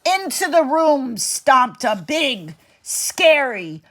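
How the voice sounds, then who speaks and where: Slow, expressive woman storyteller. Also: fairly high pitch. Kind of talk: bedtime story narration.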